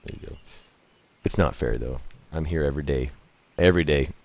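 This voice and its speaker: A man chatting casually as he plays a game, laughing often and reacting out loud to the action. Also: rumbling low, a little fast, vocal fry. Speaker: streamer and host. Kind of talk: casual gameplay commentary.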